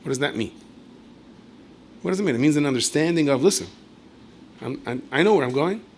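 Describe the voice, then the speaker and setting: A man, a rabbi, giving a storytelling Torah lecture in a conversational way with asides and self-corrections, and he jumps up in pitch and volume when acting out quotes. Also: a little fast, a little hiss or hum. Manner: animated storyteller who leaps high and loud when acting out quoted speech.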